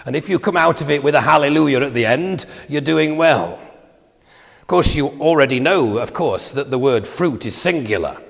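Gravelly older preacher in a hall. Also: male voice, on the high side, expressive, moderate pace. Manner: conversational, digressive preaching with asides. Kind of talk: sermon. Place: church.

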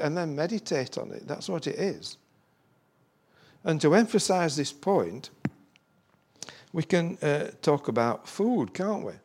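Male preacher, husky tone, rambling sermon with emphatic bursts. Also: fairly high pitch, darkish tone. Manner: rambling, folksy asides, emphatic rising bursts.

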